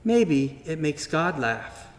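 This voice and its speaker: A man slowly and gently reading a children's story aloud at church, in a wondering tone with pauses. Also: a little high, very animated. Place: church sanctuary. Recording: long reverb from a large hall.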